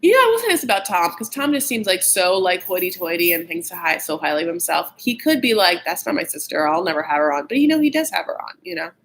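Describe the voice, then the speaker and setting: Talking very fast with hardly a pause, a highly animated man with a fairly bright tone dishes out opinionated, catty gossip in a casual TV show recap, leaning heavily on "like." His pitch swings often when he's worked up, and the recording sounds rough.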